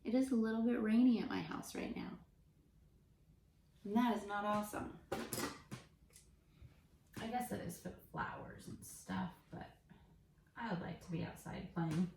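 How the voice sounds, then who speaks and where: A young woman teaching kindergarten from home, speaking gently and slowly with soft whispers to encourage the children. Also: medium pitch, vocal fry, reverberant, recorded from a distance, a little hiss or hum. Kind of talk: remote class lesson for young children. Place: room at home.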